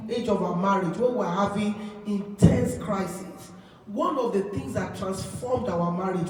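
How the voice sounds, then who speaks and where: A woman pastor teaching from the pulpit at a middle pitch, her words reaching the mic from far off. The church hall throws a long, ringing echo around her, with soft music underneath. She sets out each point in a calm, measured way. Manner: measured, lists points plainly. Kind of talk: sermon.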